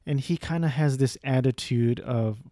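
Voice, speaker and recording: A young man talks through a film review in a loose, rambling way, full of restarts, side comments and casual swearing. His voice is dark and mellow and sits at an ordinary pitch. The sound is dry and close, with no room around it. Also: normal speed, no echo. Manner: rambling, profane, frequent restarts and asides.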